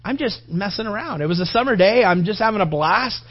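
A man with a high voice delivers an animated sermon, swinging from loud, emphatic passages to soft, intimate ones. He slips into character voices and falls back into easygoing, rambling storytelling. The recording is dull and lo-fi. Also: brisk. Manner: animated storytelling preaching, voicing characters, rising loud then dropping soft; conversational anecdote with fillers and restarts. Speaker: pastor.

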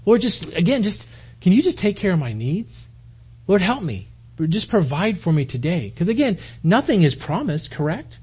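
A man's voice: high voice, big pitch swings, moderate pace, darkish tone, husky. A man in his forties preaching a conversational sermon to a congregation in a church hall, folksy and full of rhetorical questions. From United States. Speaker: pastor.

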